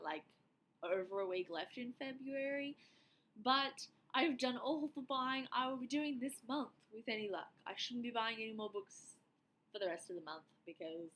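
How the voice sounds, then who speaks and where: A woman's voice: mid-range voice, fairly bright tone, slight background noise, rough recording. A young woman with an Australian accent chatting casually and enthusiastically about books she bought. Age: young adult. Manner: chatty and enthusiastic, filler-heavy. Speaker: book vlogger. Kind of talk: casual book haul chat. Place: indoor room with air conditioning.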